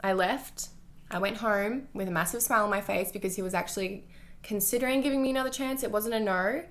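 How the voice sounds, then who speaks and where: A woman's voice: mid-range voice, fairly quick. A young woman telling a personal storytime to her vlog viewers, candid and full of "like" fillers and swearing. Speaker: vlogger.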